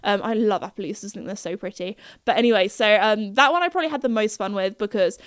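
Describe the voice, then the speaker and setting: A woman's voice: medium pitch, fast talker, clean tone, no room sound, clean studio sound. A young woman hosting a podcast, telling stories in a chatty, giggly way with lots of fillers. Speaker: podcast host. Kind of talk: casual chat.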